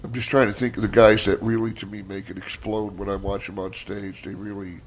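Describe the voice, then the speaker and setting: An older man, a comedian, chatting casually and rambling through stories with lots of fillers and swearing, relaxed and mellow after a massage. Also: lowish voice, a little fast, slight background noise. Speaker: stand-up comedian guest. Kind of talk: casual chat.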